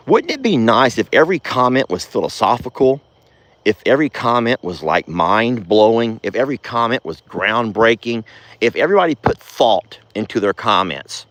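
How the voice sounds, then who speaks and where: A man's voice: medium pitch, no echo. A man, running a ranch vlog and chatting folksily to his animals and his viewers. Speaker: ranch vlogger. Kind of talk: casual vlog chat. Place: outdoors on a ranch at night.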